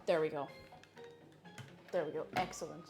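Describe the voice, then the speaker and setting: A woman's voice: low-pitched, steady tone, moderate pace, a little mellow, faint music behind. An Irish woman streamer baking at home and chatting with her viewers in a playful, teasing way. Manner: playful, teasing, joking with chat. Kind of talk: casual chat while baking on stream. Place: home kitchen.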